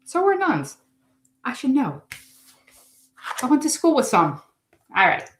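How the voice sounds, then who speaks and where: A woman's voice: high voice, huge pitch swings, unhurried. A woman giving a live tarot reading, chatting in a rambling, emotional, effusive way. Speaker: tarot reader. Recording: echoey room.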